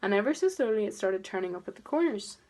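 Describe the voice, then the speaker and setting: A woman teacher reading a picture book aloud to toddlers, expressive and gently coaxing. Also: mid-range voice, fast talker. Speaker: preschool teacher.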